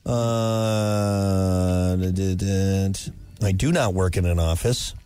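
A man's voice: low voice, steady tone, slow, warm tone, clean tone, dry recording, faint music behind. A man, co-hosting a show in casual, playful banter and reading listener answers aloud. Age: 30s. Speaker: radio show co-host.

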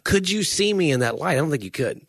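A man's voice: on the high side, fast talker, vocal fry, no room sound. 40s guy joking around on a podcast, bouncy voice, dry sound. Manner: playful, self-deprecating, animated. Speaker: podcast co-host and worship leader. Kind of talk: casual chat.

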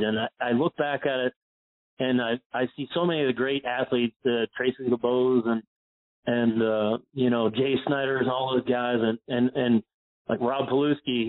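Male guest, rambling storyteller, lots of "you know", tinny phone-line sound. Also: mid-range voice. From Pennsylvania. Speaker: golf instructor, guest. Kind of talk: casual storytelling interview.

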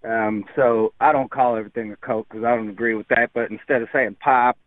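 A man from New York calling in to a radio show, talking in a relaxed, rambling way. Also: mid-range voice, fairly quick, no echo. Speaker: caller. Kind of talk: casual phone-in chat. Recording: tinny phone line.

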